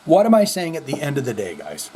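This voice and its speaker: A man's voice: medium pitch, huge pitch swings, fast talker, warm tone, slightly rough. Goofy, rambling male vlog host. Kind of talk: casual vlog commentary.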